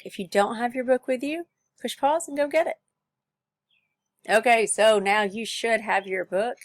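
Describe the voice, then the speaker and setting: A woman's voice: medium pitch, dry recording. A woman teacher explaining vocabulary words, then reading a novel chapter aloud to her students. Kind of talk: vocabulary lesson and read-aloud. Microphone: recorded lesson video.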